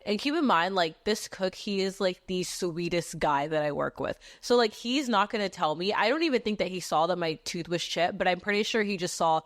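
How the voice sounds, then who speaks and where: A woman's voice: on the low side, brisk, few pauses. Young woman telling a wild story. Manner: animated, swears freely, heavy use of "like". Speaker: podcast host. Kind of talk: casual storytelling chat.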